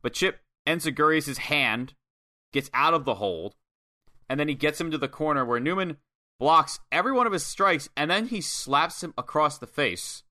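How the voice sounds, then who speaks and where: Bright-voiced man recapping a match. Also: fairly high pitch, expressive, normal speed. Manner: swears freely, recaps match play by play. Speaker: podcast co-host. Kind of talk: casual wrestling review chat.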